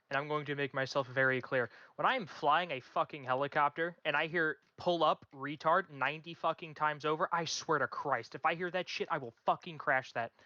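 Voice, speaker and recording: A man's voice: fairly high pitch, sharp tone, no echo. A man who flies helicopters in a gaming unit, speaking over voice chat in a heated, swearing rant. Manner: fired-up, swearing, emphatic. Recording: dull, dry voice chat mic.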